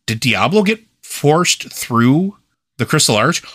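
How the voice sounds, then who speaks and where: Speaking slowly but very animatedly, a man co-hosting a podcast rambles in casual chat packed with fillers. His voice is on the high side and fairly bright, recorded in studio quality with no room sound.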